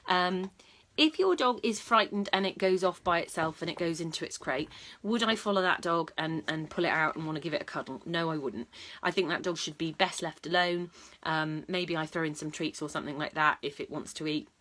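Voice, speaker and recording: Low-voiced woman giving casual dog advice. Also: brisk, hardly any pauses, a bit bright. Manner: chatty, matter-of-fact, many ums and restarts. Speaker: dog trainer and vlog host. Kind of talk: casual advice talk to camera.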